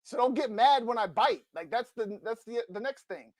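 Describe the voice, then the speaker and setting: A man's voice: extremely high pitch, lively intonation, normal speed, no echo. Fired-up sports podcast man, dry close mic. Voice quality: passionate, emphatic and combative. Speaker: podcast co-host.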